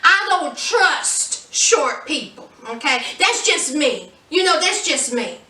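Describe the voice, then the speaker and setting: A woman's voice: sits high, very animated, slow pace, bright, forceful tone, echoey room, far from the mic, exaggerated voice. Woman doing a sweetly nasty older lady. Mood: cool. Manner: smiling, cutting. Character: older woman, sweetly passive-aggressive and distrustful.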